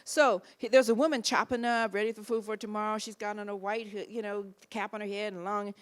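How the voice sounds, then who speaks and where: A woman guest at a film Q&A, telling an animated anecdote and acting out the people in it. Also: medium pitch, brisk. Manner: lively storyteller who acts out the people in her story.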